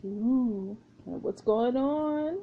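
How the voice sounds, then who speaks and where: A woman's voice: fairly high pitch, drawn-out words, narrow, tinny audio, slight background noise. A woman reading a story game aloud and chatting, with giggly, casual asides. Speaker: let's play narrator.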